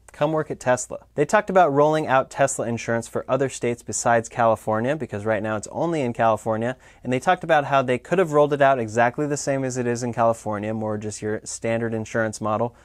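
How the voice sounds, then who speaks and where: A man's voice: medium pitch, no echo. Dry-sounding man giving casual tech commentary. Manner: conversational, adds personal asides. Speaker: tech YouTuber summarizing earnings news. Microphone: dedicated microphone.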